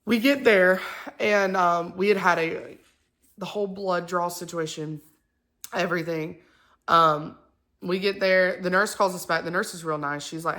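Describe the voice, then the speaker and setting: Woman, bright tone, slightly low pitch, rambling heated storytelling, casual vlog. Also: steady tone, normal speed. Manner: rambling, heated retelling with many fillers. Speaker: mother and vlogger.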